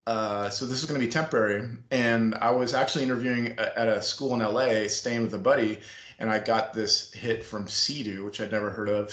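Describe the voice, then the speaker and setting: A man's voice: fairly low pitch, fairly bright tone. A middle-aged man telling a long, rambling story in a casual interview, acting out the voices of the people in it. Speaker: interview guest, former school staff member. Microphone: video call. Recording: roomy video-call audio.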